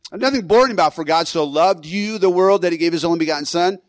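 A man preaching a sermon in a church, his voice sitting a bit high for a man. He talks loosely and conversationally, restarting phrases and chuckling now and then. The sound is dry, with no room echo. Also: fast. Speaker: pastor.

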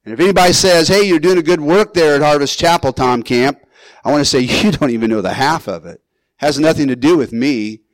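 A man's voice: on the high side, fairly quick, no echo, rough recording. An older male pastor giving an earnest, conversational sermon in his church, speaking straight to his congregation with casual asides.

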